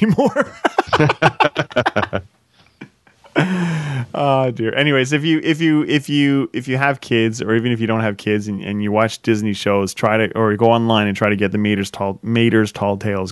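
A man's voice: on the low side, smooth, dry recording, clean studio sound. A man hosting a podcast in casual chat, rambling, repeating himself and laughing often. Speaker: podcast host.

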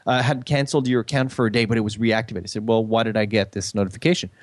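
A man's voice: lowish voice, fairly even intonation, racing, no room sound. A man telling a story in a casual chat, acting out the quoted dialogue with animation.

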